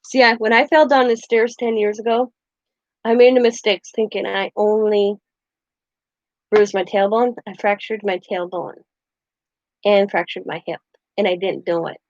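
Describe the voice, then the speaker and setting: A woman's voice: mid-range voice, steady tone, moderate pace, pauses often, darkish tone, no echo, lo-fi sound. A woman hosting a casual craft livestream, rambling through stories and laughing often. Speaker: craft channel host.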